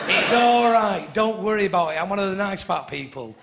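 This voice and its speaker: A northern English stand-up comedian with a high, gravelly voice works the crowd in a brash, teasing way. His voice rings through an echoey live venue, over loud audience laughter and chatter. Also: quick pace, hardly any pauses, noisy background. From north of England. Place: comedy club stage.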